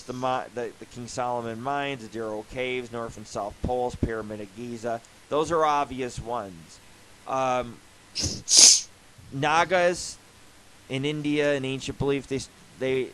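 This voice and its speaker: A man's voice: mid-range voice, a little hiss or hum, poor audio. A man hosting a live internet radio show, rambling casually with lots of swearing and asides. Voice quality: profane, rambling storyteller.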